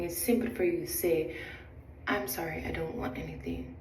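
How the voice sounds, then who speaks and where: A young woman, a flight attendant, telling a dramatic story from her job in a sassy, animated way while doing her makeup, acting out what people said. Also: on the low side, moderate pace. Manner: animated, dramatic retelling with acted-out quotes; blunt, sassy asides. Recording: roomy, distant, noisy background.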